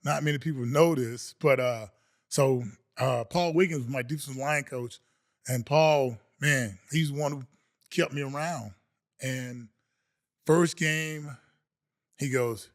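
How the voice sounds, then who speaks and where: A middle-aged man, a former football player, telling a story in an animated way, laughing often and acting out the voices of others. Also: mid-range voice, a little slow. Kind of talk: casual storytelling.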